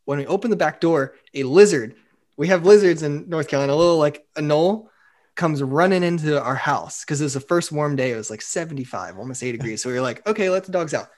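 A man telling a long story in casual chat, animated and full of "like" fillers, acting out what others said. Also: a little high, fast talker. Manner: animated, acts out quotes, frequent "like" fillers.

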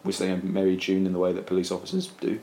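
Deep-voiced man rambling through a comic tale. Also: very fast, slight background noise. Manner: rambling, deadpan, many fillers. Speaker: storyteller. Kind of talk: casual comic storytelling. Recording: roomy echo, faint ambience.

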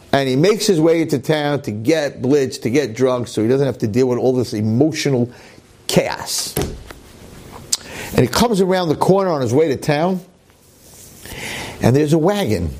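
A man telling a parable like a preacher, dramatic and slowing down for emphasis. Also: mid-range voice, darkish tone. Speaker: storyteller, preacher.

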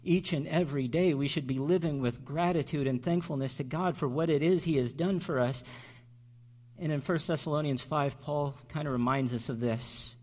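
A man preaching a sermon as pastor, earnest and slowing down on key words for emphasis. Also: a little high, darkish tone.

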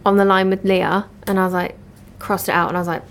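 A woman's voice: medium pitch, flat delivery, quick pace, slight background noise. Young woman on a podcast, chatty and giggly, accent all over the place. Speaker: podcast guest. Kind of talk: casual chat.

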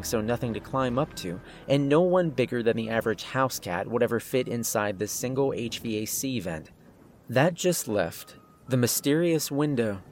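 A man narrating a first-person horror story in a tense, scripted way. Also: medium pitch.

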